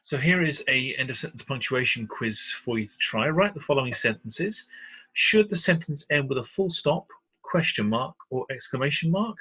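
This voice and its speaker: A British man gives a recorded punctuation lesson in a patient, explanatory way, pausing often on "uh" as he walks through each slide. His voice has a slightly husky edge and sits at a middling pitch. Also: pushed and bright, poor audio. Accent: British English. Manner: patient, explanatory, frequent "uh" fillers. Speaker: teacher.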